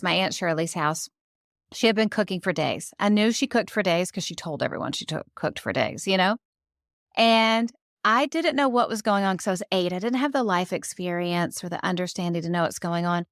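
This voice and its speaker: A woman's voice: medium pitch, dry recording, clean studio sound. A woman author being interviewed on a podcast, telling stories reflectively and raising her voice on key points. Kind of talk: conversational interview.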